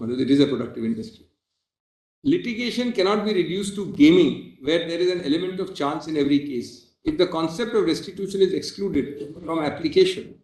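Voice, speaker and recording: A man with an Indian English accent, a senior advocate making a formal, emphatic legal argument in court, often pausing on "well, as". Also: on the high side, a little mellow. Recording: echoey courtroom audio.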